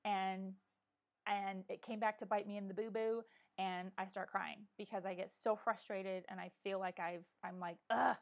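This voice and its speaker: A woman's voice: medium pitch, fairly even intonation, moderate pace. Woman, middle-aged, live-stream host, earnest, encouraging, casual chat. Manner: earnest, encouraging, talks straight to viewers.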